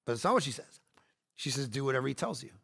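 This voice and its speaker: A man in his forties preaching a sermon, animated, swinging between loud bursts and quiet asides. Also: medium pitch, fast, creaky, slightly rough. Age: 40s. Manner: acts out quoted lines in playful voices. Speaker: pastor.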